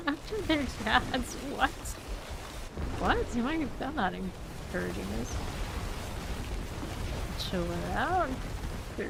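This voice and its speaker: A woman's voice: mid-range voice, creaky, heavy background noise. Chatty woman streaming a game. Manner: chatty, laughs often, reacts to chat. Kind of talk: casual gameplay streaming chat.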